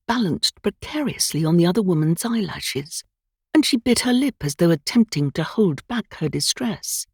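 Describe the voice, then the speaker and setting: A woman reads a cosy mystery audiobook in an expressive, measured way. Her voice sits on the low side with a husky texture, and her intonation moves a lot. The sound is close and dry. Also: dry recording. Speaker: audiobook narrator. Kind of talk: scripted narration.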